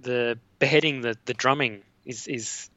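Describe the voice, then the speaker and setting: Bright, hesitant Australian man. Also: mid-range voice, fairly even intonation, moderate pace, no echo, highs cut off. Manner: hesitant, many fillers and restarts. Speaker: guest. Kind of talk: casual film discussion.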